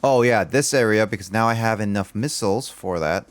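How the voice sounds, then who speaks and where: A man's voice: on the low side, brisk, no room sound. A young man streaming a game, rambling through his play and telling a long story with many fillers and restarts. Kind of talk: casual gameplay commentary and storytelling.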